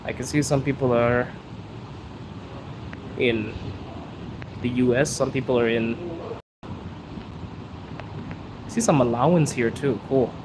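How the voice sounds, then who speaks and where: A man, live streaming outdoors on a city street into a phone, chatting in a rambling way and laughing often. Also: medium pitch. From Zimbabwe. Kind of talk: casual live-stream chat with viewers. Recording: outdoor traffic noise.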